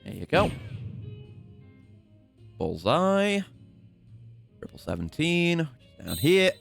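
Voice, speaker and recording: Jokey male streamer with lively pitch. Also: slow pace, vocal fry, faint music behind. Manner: jokey, playful trash talk. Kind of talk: casual gameplay commentary.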